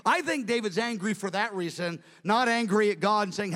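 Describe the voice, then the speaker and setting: Brief: male pastor, high voice, rapid fervent sermon, long hall reverb. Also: a bit bright. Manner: rapid, fervent Bible teaching. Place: church.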